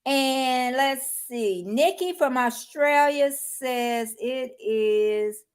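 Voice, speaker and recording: Lady on a livestream, high voice, greeting everybody by name, dry mic. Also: drawn-out words, clear, resonant tone, dry recording. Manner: chatty, greets viewers by name, warm Southern-style colloquial speech. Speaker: YouTuber hosting a livestream. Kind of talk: casual livestream chat reading viewer comments. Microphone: laptop or phone mic, then earphones.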